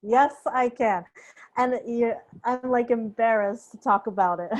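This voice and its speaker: A young adult woman with a slightly high voice tells a story as a guest in an interview. She is animated and laughs often, slipping into the voices of the people she quotes. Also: measured pace, muffled recording. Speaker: guest sound designer.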